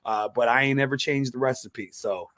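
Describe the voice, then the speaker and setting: A man, a comedian guest on a podcast, telling family stories in a casual, animated way that slips into high-pitched impressions. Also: normal speed, no room sound, studio quality. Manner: animated, jumps into high-pitched impressions, laughs at his own jokes.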